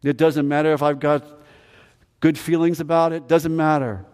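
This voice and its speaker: A man's voice: on the high side, fairly even intonation, moderate pace, darkish tone, clear, resonant tone, long reverb tail. A man preaching a sermon as pastor, emphatic, repeating phrases and asking the congregation questions. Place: church sanctuary.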